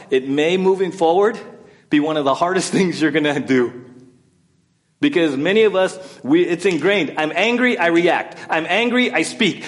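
A middle-aged man preaching a sermon as pastor, in a conversational way, often checking in with "right?". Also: fairly high pitch.

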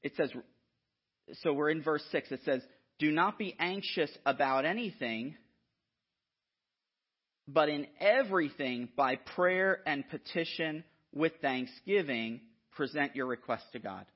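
A man preaching a sermon in an animated, conversational way, often checking in with the listeners. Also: fairly high pitch, a little slow, husky. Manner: animated, conversational, frequent "right?" asides. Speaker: guest preacher. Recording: dull lo-fi sound.

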